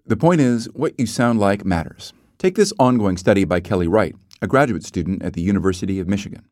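A man's voice: fairly low pitch, animated, brisk, darkish tone, no echo, clean studio sound. A male host presenting a news magazine podcast in a scripted way.

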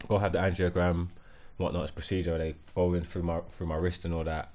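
Deep-voiced fast-talking man. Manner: animated slangy storytelling, rising when worked up. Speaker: podcast co-host. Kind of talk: casual storytelling chat.

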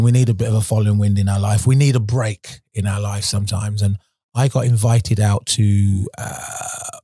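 A middle-aged man talks candidly in an interview, his low voice dark and a little husky. He rambles, stops and restarts as he tells his story. The sound is close and dry. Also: no echo. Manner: rambling and frank, many restarts and fillers. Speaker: guest, former Olympic sprinter.

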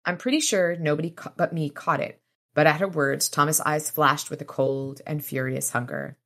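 A woman's voice: low voice, normal speed, fairly bright tone. A woman podcast host reading passages from a novel aloud and retelling scenes in casual, sweary commentary, lightly voicing the characters. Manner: swears freely, switches between reading and retelling; gives characters mild voices.

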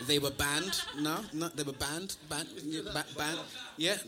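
A man's voice: fairly high pitch, steady tone, unhurried. A man, a spoken word performer chatting in a rambling, filler-heavy way to a live crowd at a venue with a band. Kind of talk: live stage patter with a crowd.

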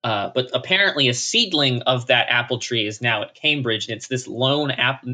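Guy from texas telling a goofy story, bright punchy voice. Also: mid-range voice, moderate pace. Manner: animated, self-mocking storyteller. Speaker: podcast guest. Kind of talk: casual chat.

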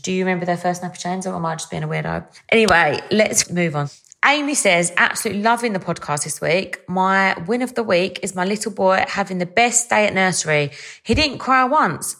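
A woman's voice: medium pitch, a bit bright. A young woman hosting a casual solo podcast, chatty and bubbly, with lots of fillers. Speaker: podcast host.

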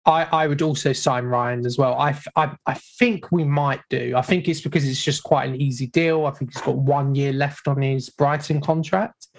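A man in a casual football podcast chat, giving measured opinions and hedging often. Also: mid-range voice, steady tone, creaky. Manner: measured, hedging with repeated "I think".

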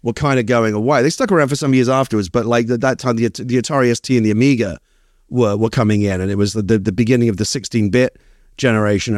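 A middle-aged man from East London whose British accent has turned partly American tells stories in an animated, rambling way, often restarting sentences. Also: on the low side, no room sound, clean studio sound. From East London, England. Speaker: guest screenwriter. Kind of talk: casual interview chat.

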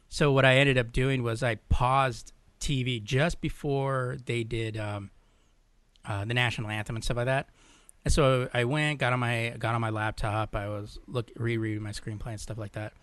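A man co-hosts a podcast, talking through his weekend in a relaxed, easygoing way. His voice sits at a middle pitch, and the recording is dry and close. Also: no room sound. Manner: relaxed, laughs often, short agreeing replies. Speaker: podcast co-host. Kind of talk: casual chat.

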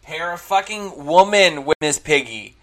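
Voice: mid-range voice, expressive, measured pace, crowd noise. A podcast co-host recapping an episode in casual chat, enthusiastic and opinionated and swearing freely.

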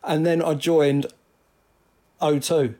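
A man's voice: on the high side, flat delivery, slow pace, warm tone. A man co-hosting a casual podcast, blunt and wry, laughing at his own jokes. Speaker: podcast co-host. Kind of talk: casual chat.

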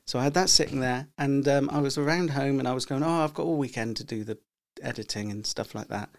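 A man's voice: mid-range voice, fast talker. A middle-aged man co-hosting a podcast, rambling through stories in casual chat and acting out what people said. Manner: rambling storyteller, acts out quotes. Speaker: podcast co-host.

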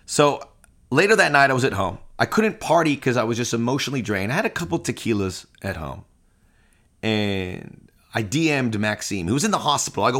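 A man hosting a soccer podcast, telling a heartfelt personal story with animated quoted dialogue. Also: medium pitch, brisk. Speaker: podcast host.

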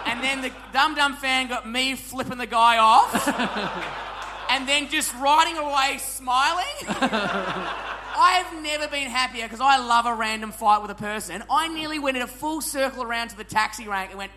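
A man's voice: very high voice, moderate pace, noisy background. An Australian man telling a rowdy, sweary story with lots of laughing, as a comedian at a live show. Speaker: comedian guest.

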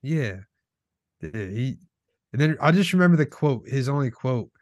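A man's voice: mid-range voice, animated, moderate pace, no echo, highs cut off. A young man reminiscing in a casual, profane chat with a friend.

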